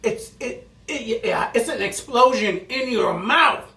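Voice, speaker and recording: A woman hosting a home cooking video, talking through the steps in a loud, playful, blunt way and cussing for emphasis. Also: on the high side, measured pace, far from the mic. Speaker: cooking show host. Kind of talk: casual cooking demo with banter. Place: home kitchen. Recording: roomy room from afar with music. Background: background music.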